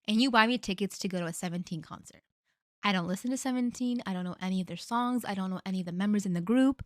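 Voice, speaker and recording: Woman, quick storytime reader, blunt chatty asides, dry close sound. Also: medium pitch, no echo. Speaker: storytime narrator. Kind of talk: reading online posts with casual reactions.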